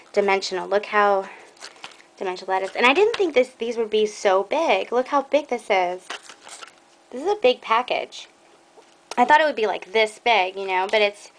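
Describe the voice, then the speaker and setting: A young woman chatting casually through a scrapbooking haul, excitable and rambling, with many ums. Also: medium pitch, poor audio. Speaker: scrapbooking vlogger. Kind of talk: casual show-and-tell haul video.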